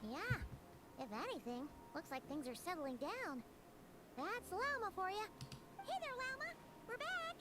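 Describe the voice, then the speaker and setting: A woman's voice: very high-pitched, big pitch swings, measured pace, pauses often, background noise, exaggerated voice. A woman voicing a tiny, bubbly, teasing fairy-like companion in a video game. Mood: chirpy.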